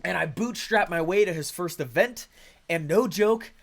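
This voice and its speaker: A man speaking to an audience, telling a story in an excitable way and often checking in with "okay?" and "right?". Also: sits high, normal speed, vocal fry. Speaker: speaker sharing his career story. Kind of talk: animated storytelling talk to an audience.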